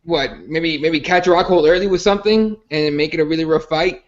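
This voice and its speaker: A man's voice: fairly high pitch, a little fast, lo-fi sound. A man hosting a casual podcast about fighting. He rambles and swears, stumbling over restarts. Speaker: podcast host. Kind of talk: casual MMA chat.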